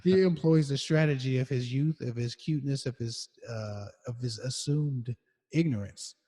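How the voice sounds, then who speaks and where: Husky-voiced man chatting, long echo. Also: medium pitch, moderate pace. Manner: relaxed storytelling with frequent fillers and restarts. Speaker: podcast co-host. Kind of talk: casual chat.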